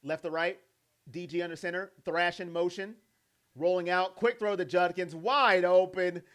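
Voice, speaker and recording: Young man, high-pitched voice, bright tone, fan play-by-play, animated, jokey. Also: normal speed. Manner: animated, jokey, mimics players in quoted voices. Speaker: fan commentator.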